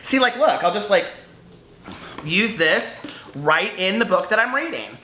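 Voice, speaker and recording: Chatty American man, bright echoey voice. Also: sits high, very animated, measured pace, slight background noise. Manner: chatty, rambling, lots of asides and fillers. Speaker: book vlogger. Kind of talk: casual unboxing chat to camera. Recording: echoey room.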